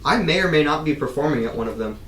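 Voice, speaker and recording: A man's voice: a little high, animated, quick pace, a bit bright, reverberant, slight background noise. A teenage boy co-hosting a casual school chat show, rambling and restarting his sentences. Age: teens. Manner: rambling, stumbling over words with many restarts. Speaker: podcast co-host.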